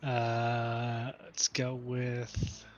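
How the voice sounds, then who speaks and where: A man's voice: medium pitch, monotone, highs cut off. A man playing in a tabletop role-playing game, chatting casually and easily amused while he rolls dice. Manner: easily amused, drawn-out and unhurried. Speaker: player.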